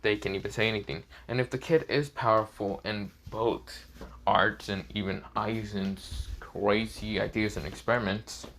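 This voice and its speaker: A man's voice: fairly low pitch, fairly even intonation, normal speed, vocal fry, fairly bright tone, slight background noise. A man telling a casual fan-fiction story off the cuff, rambling with many fillers and repeated phrases.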